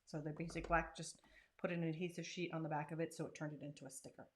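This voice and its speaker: A woman's voice: deep voice, level tone, quick pace, slight background noise. A woman hosting a casual crafting tutorial, chatting and joking while she works. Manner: chatty and self-deprecating, talks while working. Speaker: craft channel host.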